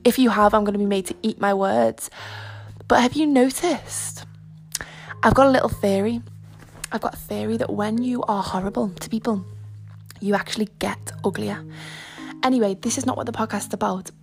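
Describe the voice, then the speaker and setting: A young woman hosts a self-help style podcast, her voice carrying a gravelly creak. She talks frankly and rambles from one aside to the next, with plenty of filler words, while faint music plays underneath. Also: mid-range voice, normal speed, a little mellow. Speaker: podcast host. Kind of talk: casual chat.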